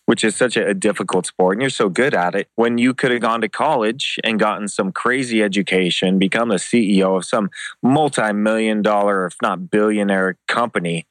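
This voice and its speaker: A man telling casual anecdotes as an interview guest, swearing freely and acting out other people's lines. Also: no echo. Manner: animated, acts out quoted dialogue with pitch jumps. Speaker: interview guest, former MMA show host.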